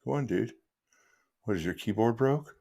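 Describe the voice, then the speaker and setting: A man's voice: medium pitch, animated, moderate pace, vocal fry, mellow. A man hosting a live stream, chatting casually and rambling in a friendly way, often restarting his sentences and calling the listener dude.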